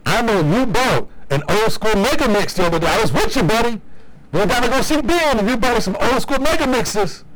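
A man from the US East Coast co-hosts a sports talk show in loose, joking chat. His voice climbs and swoops all over as he teases the others, sitting a little high for a man. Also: fairly quick, poor audio. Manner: playful, animated, teasing. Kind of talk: casual radio chat.

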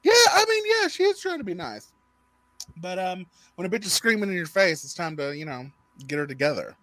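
A man with a high voice talks in a sassy, blunt way, swearing freely as he weighs in. The sound is close and dry. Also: very animated, brisk, pushed and bright, no echo, rough recording. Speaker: reaction show host. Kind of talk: casual commentary.

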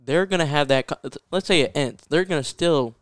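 A man's voice: fairly high pitch, moderate pace, dry recording, studio quality. A man guesting on a podcast in casual chat, giving earnest, blunt opinions.

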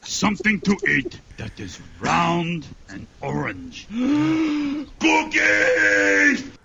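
A man voicing a greedy male puppet monster who craves cookies, with a gravelly, growling voice. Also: high-pitched, very slow, sharp tone, voice pushed up, exaggerated voice. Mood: hungry.

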